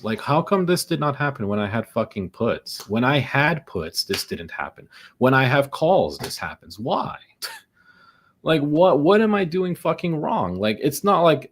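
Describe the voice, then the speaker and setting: A young man with a fairly low voice talks through his trades live, and he keeps muttering and swearing about picking the wrong way. He sounds worn down and exasperated as the losses pile up. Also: slightly rough. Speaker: day trader streaming live. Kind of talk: frustrated live commentary.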